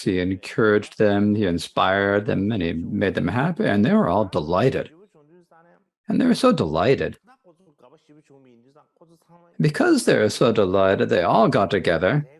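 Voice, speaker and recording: Gravelly man retelling a Buddhist tale. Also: lowish voice. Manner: plain, repetitive storytelling with asides. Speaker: interpreter of a Buddhist teaching. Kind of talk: retelling a scripture story in a lecture.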